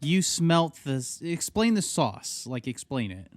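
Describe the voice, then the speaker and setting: A man's voice: on the high side, very animated, takes it slowly, no echo. A man co-hosting a podcast, chatting casually with an easygoing, joking manner. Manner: jokey, easygoing banter. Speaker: podcast co-host. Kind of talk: casual chat.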